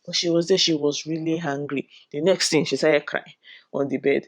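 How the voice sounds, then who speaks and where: Her voice sits low with fairly even intonation at a normal speed as this woman recaps reality show drama for her vlog. It's casual gossip, chatty and dramatic, peppered with "you know," captured in clean studio sound with no echo.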